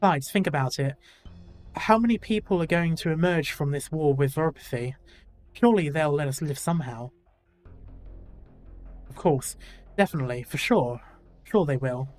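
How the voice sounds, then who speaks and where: A man's voice: fairly high pitch, animated, moderate pace, pauses often, darkish tone, faint music behind. A male gaming YouTuber reading a game's story dialogue aloud in a casual way, with self-deprecating asides.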